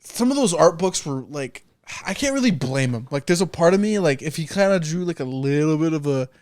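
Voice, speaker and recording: A young man co-hosting a podcast in casual chat, animated and swearing, tripping over restarts. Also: a little high, a little fast. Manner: animated, profane, many restarts. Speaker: podcast co-host.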